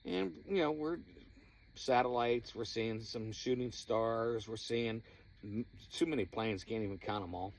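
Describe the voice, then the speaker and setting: A man tells casual stories about night-time encounters with his paranormal group, speaking a little slowly but animated and laughing. His voice leaps high whenever he retells someone shouting.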